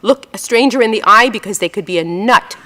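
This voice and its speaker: A woman, an author telling chatty, self-mocking stories to an audience and trying on quick voices for people she describes. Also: mid-range voice, sharp tone, big-room sound, a little hiss or hum. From New York. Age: 60s. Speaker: author giving a talk. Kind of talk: storytelling talk with slides and a reading. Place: event hall before an audience.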